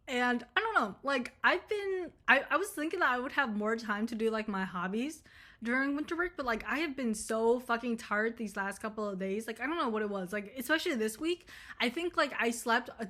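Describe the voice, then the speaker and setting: A young woman vlogging casually, telling a rambling story full of swearing and animated retellings. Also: a little high, normal speed. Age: young adult.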